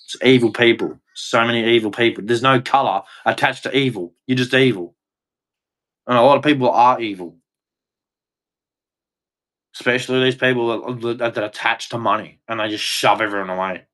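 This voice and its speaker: On a livestream, an Australian man rants angrily in a medium-pitched, slightly bright voice at normal speed. He's blunt, crude and heated, repeating himself throughout the monologue.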